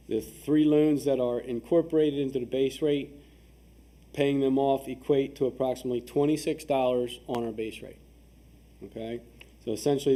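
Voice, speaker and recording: A man with a very dark, mellow voice and an average pitch walks a town meeting through budget figures. He is methodical, stopping often to ask "okay?", and he restarts a phrase now and then as he reads out the numbers. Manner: frequent restarts and fillers while reading numbers. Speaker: town official presenting finances. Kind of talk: explaining budget figures at a public work session.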